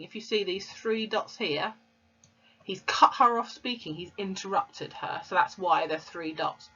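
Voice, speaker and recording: A woman's voice: fairly low pitch, unhurried, pushed and bright, husky. A woman reading a storybook aloud to children and explaining the pictures and words as she goes. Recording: dull lo-fi recording.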